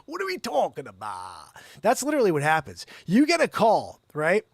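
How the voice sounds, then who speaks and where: A man hosting a comedy news show, reading stories with excitable asides, swearing and rants. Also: sits high, moderate pace, no room sound, clean studio sound.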